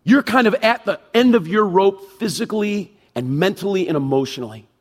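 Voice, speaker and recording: A middle-aged male pastor preaching with a high voice. He is emphatic, acting out people's inner thoughts and then dropping low and quiet for the Spirit's words. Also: expressive, fairly quick. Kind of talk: sermon.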